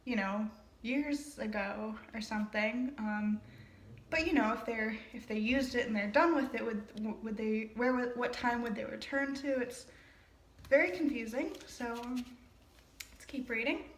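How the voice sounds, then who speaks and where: A woman's voice: a little high, measured pace. Chatty woman reading with rambling asides. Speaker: reader and commentator. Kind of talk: casual play reading with commentary. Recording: roomy echo.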